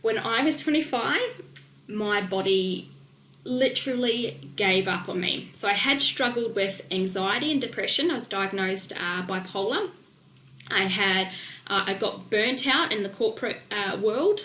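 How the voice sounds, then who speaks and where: A woman with a New Zealand accent presenting a webinar as a nutrition coach, talking fast and excitedly with fillers. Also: mid-range voice, reverberant, slight background noise.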